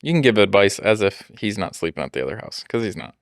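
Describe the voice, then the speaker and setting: A man's voice: on the low side, very animated, quick pace, no echo, studio quality. A man co-hosting a podcast in casual chat, explaining things at length and laughing often. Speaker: podcast co-host.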